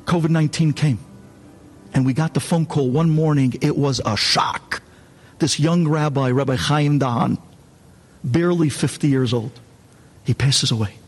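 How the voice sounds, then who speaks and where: A man, a rabbi, giving a sermon in an animated, dramatic storytelling way. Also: fairly high pitch, normal speed, long pauses, husky.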